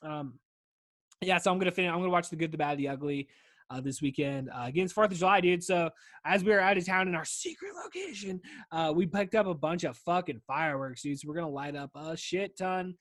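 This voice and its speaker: Rambling, foul-mouthed male podcast host, high voice, dry close sound. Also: lively intonation, fairly quick, a bit bright, no echo. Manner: rambling, swears often, says "dude" constantly. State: voice wearing out. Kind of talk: casual solo podcast chat.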